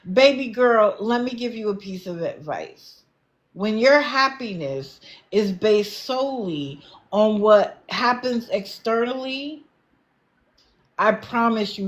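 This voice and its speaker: Blunt, lecturing woman on a livestream. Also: a little high. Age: adult, not young. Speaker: livestream commentator. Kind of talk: casual livestream commentary.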